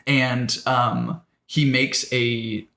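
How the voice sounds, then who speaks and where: A man's voice: mid-range voice, very animated, very slow, bright, forceful tone. Rambling, enthusiastic young man. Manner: rambling, enthusiastic, heavy with filler words and profanity. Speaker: podcast co-host. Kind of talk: casual chat. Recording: echoey room.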